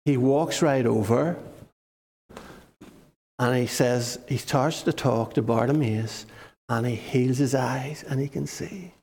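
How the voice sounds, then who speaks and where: A man giving a lively storytelling sermon to children in church, often asking his listeners questions. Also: medium pitch, slow, pauses often. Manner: animated, asks the listeners questions. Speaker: preacher giving a children's talk. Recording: long reverb of a large hall.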